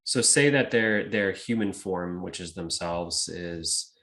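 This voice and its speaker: A young man co-hosts a podcast in casual chat, swearing a lot, laughing often, and slipping into put-on doll voices. His voice is low-pitched, slow, and a bit bright.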